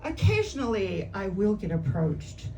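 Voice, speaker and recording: A woman performing a stand-up comedy set on a club stage, brash and animated, often laughing at her own jokes. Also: mid-range voice, a little slow. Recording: distant mic with noisy room.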